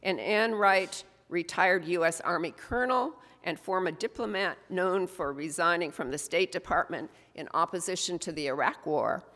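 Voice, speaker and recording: A woman minister gives announcements to her congregation, conversational and peppered with small hesitations. Her voice sits on the low side. The sanctuary adds a long reverb. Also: moderate pace, few pauses, fairly bright tone. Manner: conversational, with frequent "um"s. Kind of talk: church announcements. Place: church sanctuary. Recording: long reverb of a large room.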